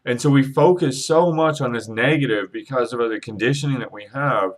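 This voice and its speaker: A man's voice: mid-range voice, brisk. Earnest, teary spiritual vlogger man. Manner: rambling, earnest, with swearing and many restarts. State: emotional, holding back tears. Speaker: Reiki practitioner and psychic vlogger. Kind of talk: emotional spiritual vlog monologue.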